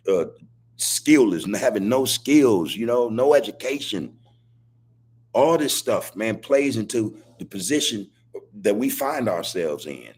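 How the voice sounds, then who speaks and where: A man talks to his live chat in a podcast monologue, repeating lines and preaching in casual street slang. His voice sits low and has a husky grain to it. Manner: preachy, repetitive street talk, laughs as he speaks. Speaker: podcast host.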